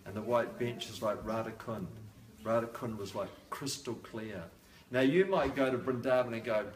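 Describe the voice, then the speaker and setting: A man's voice: mid-range voice, moderate pace. An older man giving a devotional sermon at a home program, repeating phrases for emphasis and adding joking asides. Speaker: lecturer. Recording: echoey room.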